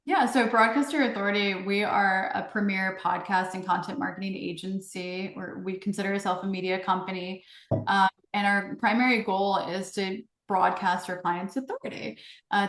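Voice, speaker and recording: A woman's voice: medium pitch, reverberant. A woman guest, an agency co-founder, speaking enthusiastically with many fillers in an interview. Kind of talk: conversational interview.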